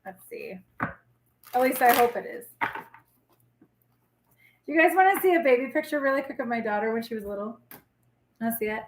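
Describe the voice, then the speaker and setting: A woman's voice: fairly high pitch, lively intonation, normal speed, long pauses, echoey room, slight background noise. A woman in her forties hosting a casual live tarot reading, chatty, blunt and reassuring as she talks straight to viewers.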